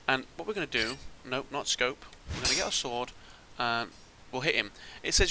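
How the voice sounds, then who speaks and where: A man talks through a game in loose, casual commentary. His voice is very bright and sharp, and he thinks aloud, circling back with restarts and hesitations. A faint hiss sits under the recording. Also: medium pitch, lively intonation, normal speed, hardly any pauses, poor audio. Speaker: gaming channel host.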